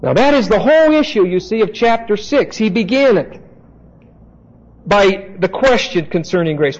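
A man's voice: sits high, lively intonation, moderate pace. A man teaching a sermon from the Bible, insistent and emphatic, turning to his listeners with asides. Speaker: preacher. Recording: dull lo-fi tape recording.

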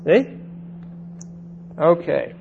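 Slow, deliberate man teaching scripture. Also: phone-quality sound. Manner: deliberate, checks in with "see?" and "okay?"; stresses single words by slowing and rising. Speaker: Bible teacher. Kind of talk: verse-by-verse Bible teaching.

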